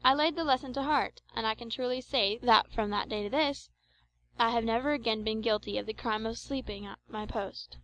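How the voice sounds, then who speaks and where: A woman narrating an adventure novel in a measured, expressive audiobook reading. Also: fairly high pitch, poor audio.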